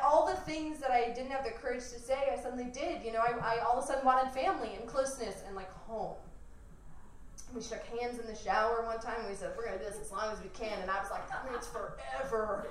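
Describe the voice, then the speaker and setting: A woman's voice: on the high side, a little hiss or hum. A young woman telling a personal story to an audience, candid and laughing often, mimicking her family in quotes. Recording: echoey room from far off, faint ambience.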